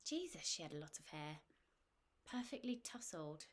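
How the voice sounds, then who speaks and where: A woman reading a short story aloud, with a wry, gently humorous delivery. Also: low-pitched, sing-song, moderate pace. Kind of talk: scripted narration.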